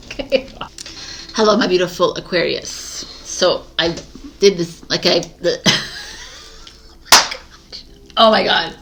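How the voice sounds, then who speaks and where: A woman's voice: on the low side, takes it slowly, long pauses, bright, forceful tone, slight background noise. A woman tarot reader talking casually to her viewers, laughing at herself and losing her train of thought. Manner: giggly, scattered, laughing at herself. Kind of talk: casual spoken tarot talk.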